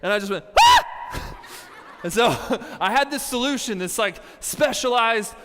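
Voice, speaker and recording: A young man giving a youth camp sermon, telling stories with playful asides and lively energy. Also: extremely high pitch, moderate pace, long reverb tail. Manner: animated storytelling with playful asides. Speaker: youth pastor. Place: large hall with a live audience.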